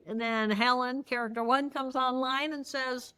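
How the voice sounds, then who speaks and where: Older lady guest, kinda high voice, animated storytelling, does little voices. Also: moderate pace, smooth. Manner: acts out voices, playful, expressive. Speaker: guest neuroanatomist.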